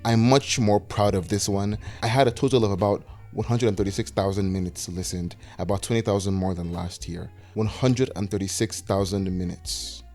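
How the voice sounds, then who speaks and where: A man's voice: lowish voice, fairly even intonation, fairly quick, few pauses, a little mellow, faint music behind. A 21-year-old man narrating a scripted video essay with wry, self-deprecating, anxious rambling.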